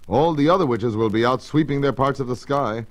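A man's voice: medium pitch, fairly quick, lightly acted. A man doing a fretful old witch. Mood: bossy. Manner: fretful, exclaiming. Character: fussy old female witch.

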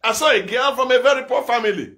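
A man preaching an impassioned, repetitive sermon, often breaking into shouts. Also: extremely high pitch, fast talker. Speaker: evangelist preacher.

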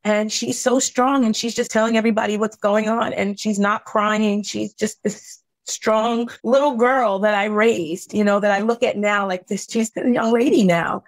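On a podcast, a middle-aged woman recounts a painful personal story with earnest feeling, faltering at the toughest moments. Her mid-range voice stays steady, and there's no room sound.

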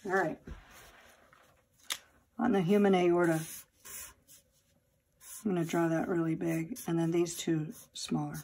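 Woman anatomy instructor, mellow and husky, explains patiently with fillers. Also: lowish voice, flat delivery, measured pace, long pauses. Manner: explanatory, with fillers and self-corrections. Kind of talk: recorded lab lecture.

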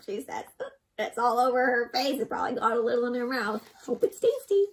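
A woman reading a picture book aloud to children in an animated way, asking them questions and calling them "my friends". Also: a little high, fairly quick. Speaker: children's storyteller. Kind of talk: interactive read-aloud for kids.

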